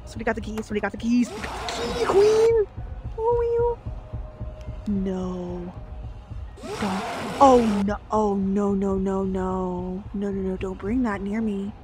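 A young woman livestreaming a horror game to chat, jumpy and excitable, laughing and gasping as she pleads with her friends. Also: mid-range voice, unhurried, over music. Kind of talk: live gameplay commentary to chat.

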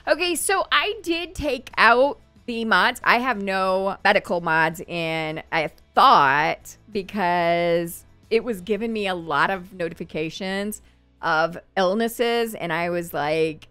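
A woman's voice: mid-range voice, measured pace, fairly bright tone, soft background music. A woman giving casual, chatty gameplay commentary as a channel host, upbeat and often laughing.

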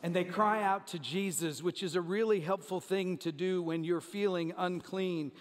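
High-voiced man preaching in a reverberant church. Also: normal speed. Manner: conversational preaching, asides to the congregation. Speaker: pastor. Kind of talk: sermon. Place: church sanctuary.

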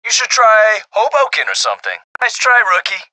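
A man's voice: sits high, wildly swooping pitch, moderate pace, exaggerated voice. A man voicing a cocky young emo street racer who trash talks his rivals in a video game. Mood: gloating. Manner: boastful trash talk, shouty whiny outbursts.

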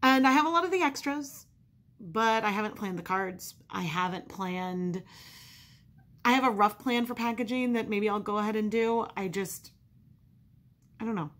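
A yarn dyer and home vlogger talks in a casual vlog from her home studio and garage. Her medium-pitched, slightly bright voice moves at normal speed, chatty and candid, with frequent laughter.

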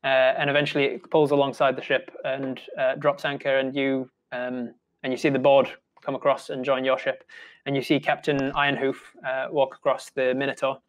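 A man with a New Zealand accent narrating as game master, talking in a halting way with many restarts. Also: mid-range voice, monotone. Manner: halting, full of ums and restarts.

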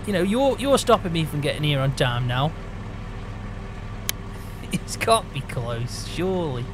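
A man's voice: on the high side, lively intonation, a little slow, background noise. A man playing a farmhand in a game roleplay, teasing and chuckling in banter.

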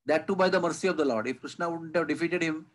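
A man's voice: fairly high pitch, fast talker, low-quality recording. A man giving a devotional lecture over a video call, telling stories and asking rhetorical questions. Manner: storytelling, rhetorical questions, lively emphasis. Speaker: spiritual teacher.

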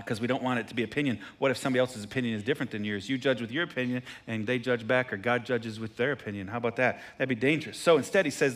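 Bright, animated pastor preaching. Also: male voice, mid-range voice. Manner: animated, jokey, repeats phrases, asks the congregation questions. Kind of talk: sermon. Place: church sanctuary.

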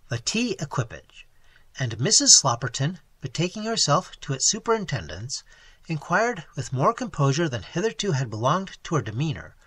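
A man narrating a classic novel as an audiobook, telling it in an expressive, animated way. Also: a little high, breathy edge, no echo. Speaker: audiobook reader.

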